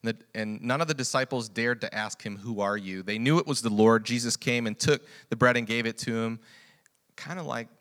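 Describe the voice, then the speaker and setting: Male preacher, bright and forceful, drops quiet then builds loud and excited, laughs a lot. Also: mid-range voice, fairly quick. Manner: swings from quiet reflection to loud excited storytelling, laughs often. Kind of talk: sermon.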